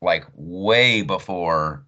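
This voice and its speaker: A man's voice: sits low, drawn-out words, bright, forceful tone, dull audio. A man hosting his podcast in a rambling, joking, chatty way. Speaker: podcast host. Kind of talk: casual chat.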